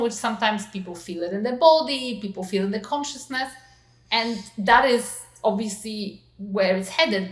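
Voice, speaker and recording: A woman co-hosting a podcast talks through spiritual ideas in a gentle, searching way. Her voice sits a little high. The room adds a noticeable echo. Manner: gentle, thoughtful, uses many fillers. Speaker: podcast co-host. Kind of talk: spiritual podcast talk, explaining. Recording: roomy echo.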